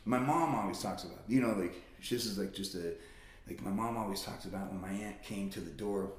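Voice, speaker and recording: A man casually telling stories about his childhood, swearing freely and jumping into high-pitched impressions of his relatives. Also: fairly quick. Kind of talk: casual conversation. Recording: roomy echo.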